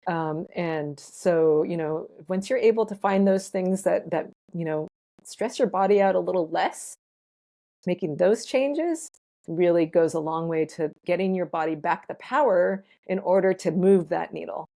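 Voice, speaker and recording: A woman's voice: lowish voice, a little slow, vocal fry, dark tone. A woman guest in a casual interview, explaining ideas thoughtfully and laughing lightly between points. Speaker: ethnobotanist guest.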